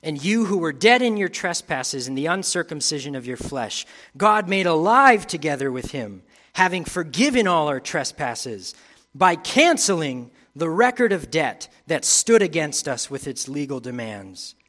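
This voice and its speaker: A man's voice: fairly high pitch, very animated, unhurried. Male pastor preaching a sermon. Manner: reads scripture aloud, rising in intensity, then drops to quiet reflection.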